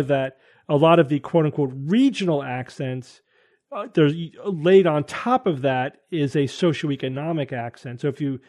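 A man's voice: fairly high pitch, a little mellow. A man hosting a casual panel talk show, thinking aloud and hedging with frequent restarts. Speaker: podcast host.

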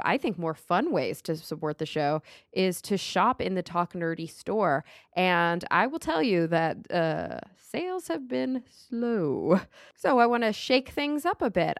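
A woman hosts a podcast in a chatty, upbeat manner. Her voice sits a little low. The sound is dry and close, with no room around it. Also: clean tone, no echo. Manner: upbeat, chatty, reads sponsor thanks and promos. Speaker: podcast host. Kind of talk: casual podcast chat.

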